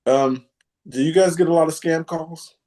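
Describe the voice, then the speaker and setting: A man hosting a casual group chat, halting and full of fillers, with a sarcastic streak. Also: on the high side, warm tone. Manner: halting, many fillers, self-described sarcastic. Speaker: podcast host.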